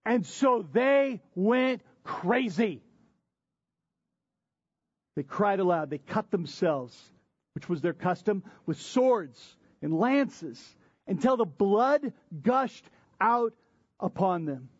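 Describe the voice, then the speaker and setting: A man with a high-pitched voice preaches a sermon and drives his points home with repetition and rhetorical questions. The sound is dry and a little dull. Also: animated, slow, husky, dry recording. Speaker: pastor.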